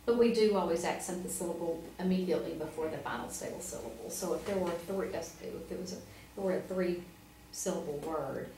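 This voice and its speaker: A woman's voice: on the low side, a little mellow. A woman reading teacher tutoring a student one-on-one, patient and encouraging, prompting step by step. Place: classroom. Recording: roomy, from far off, faint noise.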